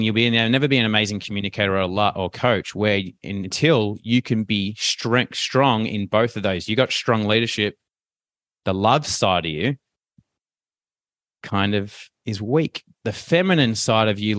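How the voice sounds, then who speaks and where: A man, a coach talking casually as a podcast guest, animated and chatty with plenty of fillers. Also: on the low side, moderate pace, dry recording, studio quality. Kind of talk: casual interview chat.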